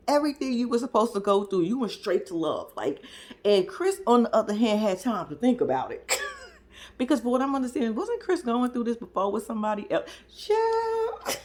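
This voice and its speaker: A woman's voice: on the high side, darkish tone. A woman, giving a casual recap of a reality show, laughing often and talking back to the people in it.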